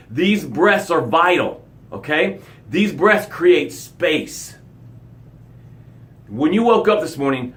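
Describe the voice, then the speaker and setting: A man hosting a motivational live broadcast, speaking directly to his listeners in short punchy phrases and swinging from loud emphasis to hushed low lines. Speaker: motivational coach and show host.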